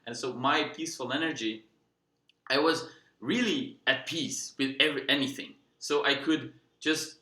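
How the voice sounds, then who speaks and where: A man vlogging, telling a personal story in a relaxed, calm way, with many fillers and restarts. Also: medium pitch, moderate pace, reverberant. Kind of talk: casual storytelling.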